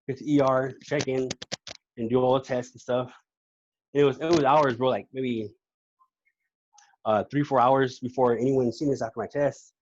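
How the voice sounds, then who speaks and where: Halting, slangy man on a lo-fi recording. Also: medium pitch. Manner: slangy and halting, repeats words. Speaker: podcast guest. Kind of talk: casual personal testimony.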